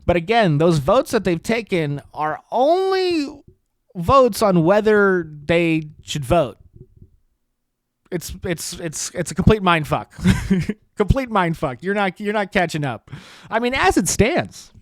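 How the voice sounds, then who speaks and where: A man's voice: sits high, very animated, slow pace, no room sound, clean studio sound. Sarcastic American man, podcast rant. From United States. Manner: sarcastic, rambling, self-mocking. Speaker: podcast host. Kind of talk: solo podcast monologue.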